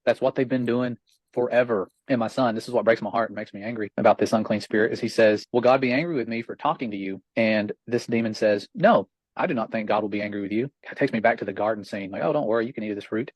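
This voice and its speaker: Fast-talking earnest pastor, dry sound. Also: male voice, mid-range voice, no echo, low-quality recording. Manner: fast, earnest, reads chat logs aloud with commentary. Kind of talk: reading aloud and preaching at a webinar.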